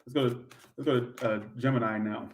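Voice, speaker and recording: A man's voice: mid-range voice, steady tone, a little fast, a little hiss or hum. A man giving a livestream tarot reading in a sassy, profane, rambling way, talking straight to his viewers. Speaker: tarot reader.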